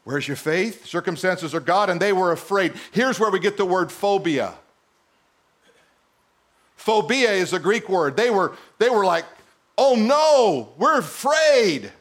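A middle-aged male pastor preaching a sermon in a church, animated and teasing his congregation. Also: sits high, unhurried.

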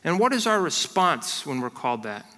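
A man preaching a sermon as pastor, earnest and direct, dropping into soft prayer and light family stories. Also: a little high, sing-song, normal speed, big-room sound. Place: church hall.

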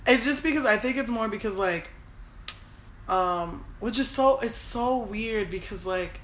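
A young woman telling a personal story in casual chat, emotional and animated, acting out what people said in raised voices. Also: a little high, a little slow. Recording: echoey room with faint noise.

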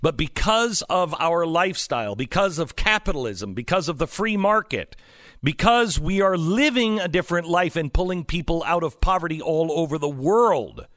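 Emphatic man with a lively, rising voice. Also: a little high, normal speed, no room sound, studio quality. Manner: emphatic and sarcastic, with rhetorical questions. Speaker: political talk show host. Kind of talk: opinionated political monologue.

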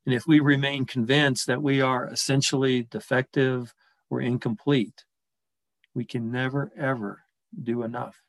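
A male pastor delivers a quiet, reflective sermon, often easing down to a soft, slow hush on the words that matter. His voice sits at an ordinary middle pitch, and the recording is dry and close, with no room sound around it. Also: fairly even intonation, dry recording, poor audio. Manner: gentle, reflective, slows and softens on key words.

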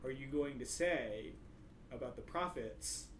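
A man's voice: medium pitch, measured pace, slight background noise, close to an everyday voice. A man voicing a sinister male villain who hypnotizes people, coaxing them in a falsely friendly, menacing way. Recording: roomy echo.

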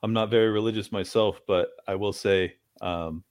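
A man's voice: fairly low pitch, steady tone, normal speed, clean tone, dry recording, clean studio sound. A man hosting a casual chat, sympathetic and thoughtful in his reply. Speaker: host.

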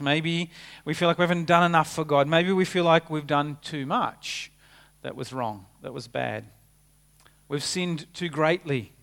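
A man preaching a sermon, earnest, rising for emphasis and dropping to a hushed tone. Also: on the high side, gravelly.

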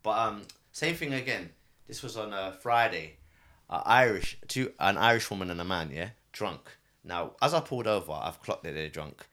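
A man in casual podcast chat, retelling his cab driving stories with plenty of acted-out quotes. His voice is bright and lively, leaping up and down in pitch. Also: normal speed. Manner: animated storyteller, acts out quotes. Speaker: cab driver telling stories.

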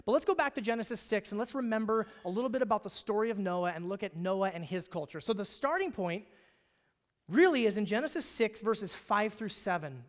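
In a church sanctuary with long hall reverb, a pastor from Alaska preaches briskly in an expressive, high-pitched voice. His delivery is conversational storytelling, and he often restarts what he's saying.

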